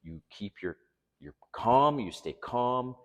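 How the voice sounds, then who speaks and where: A man's voice: medium pitch, expressive, slow, fairly bright tone. An older man hosting a vlog, telling personal stories in a frank, casual way and swearing freely. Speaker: host.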